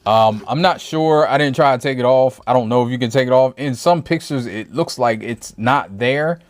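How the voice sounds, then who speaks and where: A man's voice: mid-range voice, normal speed. A man in a mid-range voice talks through a toy review at a table in his home setup. He rambles and thinks aloud, often stopping to rephrase himself. His delivery is casual and conversational, never scripted. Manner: rambling, thinks aloud, frequent self-corrections.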